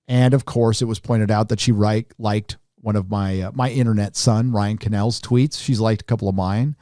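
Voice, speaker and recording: A man's voice: on the low side, fairly even intonation, normal speed, few pauses, mellow, no room sound, clean studio sound. A middle-aged man hosting a casual commentary show, talking in a sarcastic, mocking way. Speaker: host.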